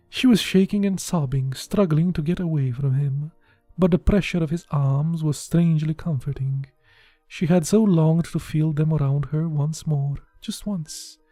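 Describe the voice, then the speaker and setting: Slow, dark-voiced audiobook narrator. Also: medium pitch, no echo, soft background music. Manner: measured, even reading.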